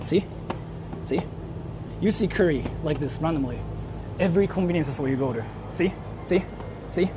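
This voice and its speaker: Man, casual vlogger, high voice, emphatic and chatty. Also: moderate pace, long pauses, noisy background. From Japan. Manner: emphatic, repeats "see?" and "like" often, swears. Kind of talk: casual vlog talk to viewers. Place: walking through a convenience store.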